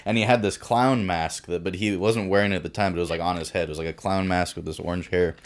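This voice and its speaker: A man's voice: low-pitched, fairly even intonation, quick pace. A man co-hosting a podcast, telling a story in a laid-back, profane way and laughing through it. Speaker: podcast co-host. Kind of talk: casual storytelling chat.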